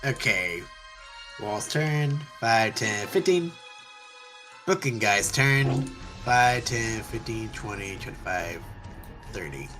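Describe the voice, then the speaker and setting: A young man running a tabletop game as game master, talking haltingly with many fillers and counting moves aloud. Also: on the low side, expressive, sharp tone, faint music behind.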